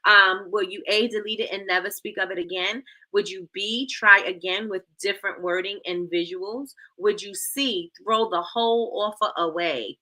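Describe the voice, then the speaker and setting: Bright-voiced woman hosting a livestream. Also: mid-range voice, normal speed. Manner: playful, repeats herself, addresses chat as y'all. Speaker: livestream host. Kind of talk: casual livestream coaching.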